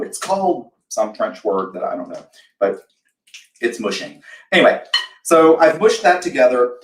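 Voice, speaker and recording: A man's voice: mid-range voice, far from the mic. A man from the American South talks through a recipe on a live cooking show, chatty and self-deprecating, with a mid-range voice. He sits back from the microphone, and his voice bounces around a roomy home kitchen. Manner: chatty, self-deprecating, acts out imagined reactions. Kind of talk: casual live cooking demo.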